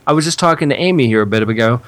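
A man's voice: medium pitch, animated, racing, dry recording. A man co-hosting a casual podcast, chatty and teasing as he puts questions to the others. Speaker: podcast co-host. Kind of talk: casual crude podcast banter.

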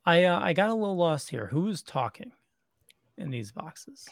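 Gravelly man recapping a comic. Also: a little high, big pitch swings, moderate pace, no room sound, studio quality. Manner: recaps the plot with fillers. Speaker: podcast co-host. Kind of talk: casual chat about comics.

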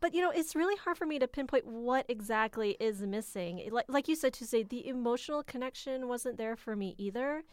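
An American woman co-hosting a casual film review, opinionated and quick to laugh. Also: a little high, lively intonation, clear, resonant tone, no echo. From United States.

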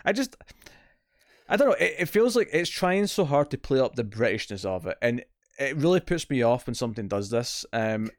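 A man's voice: mid-range voice, no echo, clean studio sound. A Scottish man co-hosting a casual TV review podcast, blunt and opinionated in his complaints. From Scotland. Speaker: podcast co-host.

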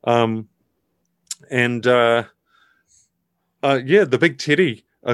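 Guy game-mastering a tabletop game, relaxed and rambling, dry close mic. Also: medium pitch, unhurried, pauses often, dry recording. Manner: relaxed, hesitant, with many fillers.

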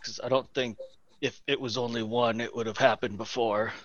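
A man's voice: mid-range voice, fairly even intonation, moderate pace, a bit bright. A man playing a tabletop game, asking short hesitant questions. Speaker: player. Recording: dull mic.

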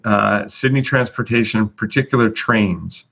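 A man's voice: lowish voice, a little slow, gravelly, a bit bright, breathy edge. A man hosting a casual chat, chatty and full of fillers as he announces rankings. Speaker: host. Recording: dull lo-fi audio.

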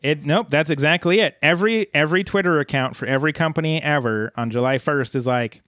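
A man's voice: on the high side, brisk, fairly bright tone, no room sound, studio quality. A man co-hosting a podcast, chatting casually with many restarts and fillers, now and then apologizing for going off track. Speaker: podcast co-host. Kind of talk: casual chat recapping episodes.

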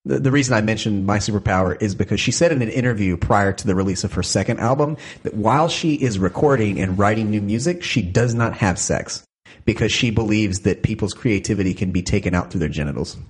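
A man with a slightly husky voice co-hosting a loose comedy podcast. He jokes around and laughs often, in a relaxed, unpolished chat among friends. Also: on the low side, fairly quick. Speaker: podcast co-host.

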